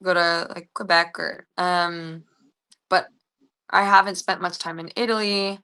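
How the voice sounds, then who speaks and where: A young American actress chats casually as a guest in a video-call interview, rambling with plenty of fillers. Her voice is fairly low, steady, smooth and sharp in tone, a little slow.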